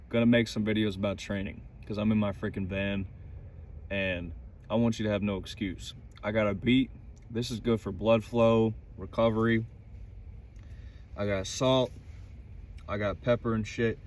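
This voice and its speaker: A man's voice: mid-range voice, slight background noise. A man vlogging from inside his van in the mountains, giving casual motivational faith talk in an intense, emphatic way and swearing freely.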